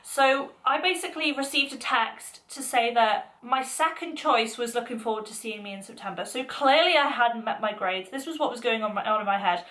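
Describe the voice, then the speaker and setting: A woman's voice: fairly high pitch, normal speed, hardly any pauses, pushed and bright. A young woman vlogger chatting through a personal story in a casual, filler-heavy, emotional way. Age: young adult.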